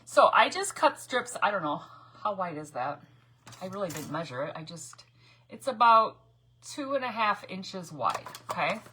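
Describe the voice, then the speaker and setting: A woman's voice: medium pitch, very animated, moderate pace, noisy background. A woman hosting a casual live crafting stream, chatty and laughing often as she greets viewers by name. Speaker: craft livestream host.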